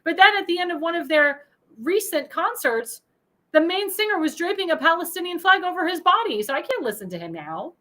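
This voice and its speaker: A heated woman talk show host with a high, bright voice that jumps all over the place. She rants in a political monologue, hurling insults and breaking into angry shouts. Her tone stays sharp and agitated throughout. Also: very animated, fairly quick, low-quality recording. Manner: shouts in bursts of anger.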